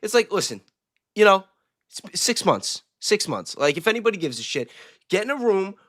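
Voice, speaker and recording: A man's voice: high-pitched, sing-song, moderate pace, fairly bright tone, no room sound. Rambling man on a dry stream mic. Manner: rambling, laughs often, restarts mid-sentence. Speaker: stream co-host. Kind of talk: casual chat.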